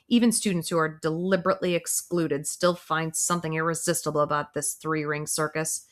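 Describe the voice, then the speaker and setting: A woman's voice: deep voice, steady tone, brisk, hardly any pauses. A woman reading a first-person audiobook in a wry, dry storytelling manner. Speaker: audiobook reader.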